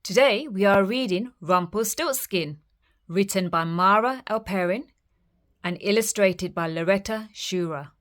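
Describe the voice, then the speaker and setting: A woman storyteller reading children's fairytales aloud in a lively, expressive way. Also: medium pitch, measured pace.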